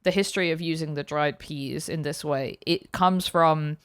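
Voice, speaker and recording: A British woman co-hosting a podcast, telling stories in casual, animated chat. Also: sits low, normal speed, smooth, no echo. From Britain. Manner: chatty, animated storytelling. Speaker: podcast co-host.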